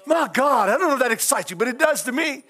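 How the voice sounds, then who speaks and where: A man's voice: very high voice, expressive, fast talker, bright, forceful tone, breathy edge. A man with a Cajun accent preaching a folksy sermon, often breaking into hallelujahs and chuckles. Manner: folksy, exclaims praise God and hallelujah often; chuckles often between lines.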